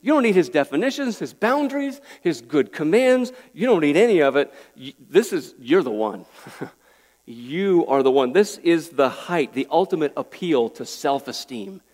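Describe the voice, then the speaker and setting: A man's voice: fairly high pitch, sing-song, moderate pace, a little mellow. A pastor preaching an earnest, pleading sermon, a man who often restarts his words. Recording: echoey hall with long reverb.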